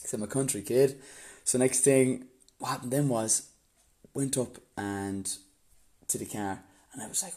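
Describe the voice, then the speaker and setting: Young Irish man telling a lively story. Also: medium pitch, a little fast. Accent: Irish, Waterford. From Ireland. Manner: animated, laughs often mid-story. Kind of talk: casual storytelling.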